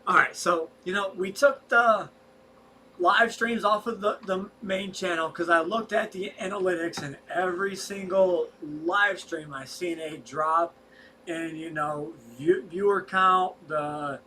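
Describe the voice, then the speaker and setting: A man's voice: sits high, measured pace, bright, forceful tone, recorded from a distance, rough recording. A man co-hosting a casual livestream chat, rambling and restarting as he talks, set back from the mic with faint noise behind. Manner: rambling, restarts often, stretches words when stressing them. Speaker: co-host of a fish rescue livestream.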